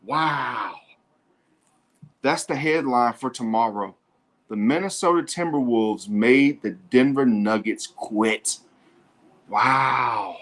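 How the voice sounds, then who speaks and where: A man hosting a sports show, commenting live on a basketball game in an excitable way and often repeating himself. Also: mid-range voice, slow.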